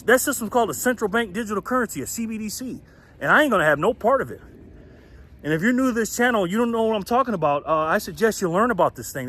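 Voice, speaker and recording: Animated, profane man ranting on camera. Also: sits high, breathy edge. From United States. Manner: animated, blunt and profane, laughs often mid-sentence. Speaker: political commentary channel host. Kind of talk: casual ranting commentary vlog.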